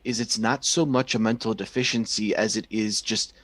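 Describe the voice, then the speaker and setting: A man's voice: on the low side, fairly even intonation, moderate pace, a bit bright, no room sound. A man co-hosting a podcast, explaining earnestly in a casual chat. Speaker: podcast co-host.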